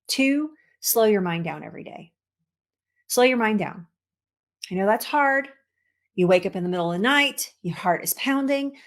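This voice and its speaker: Expressive woman coaching. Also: mid-range voice. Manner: expressive, repeats words for emphasis, laughs at herself. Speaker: cancer coach. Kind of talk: motivational talk to camera.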